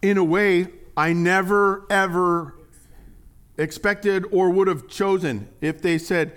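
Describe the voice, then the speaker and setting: A man preaching a sermon in a conversational, animated way, acting out little quotes as he goes. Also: high voice, slow pace, smooth. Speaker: pastor.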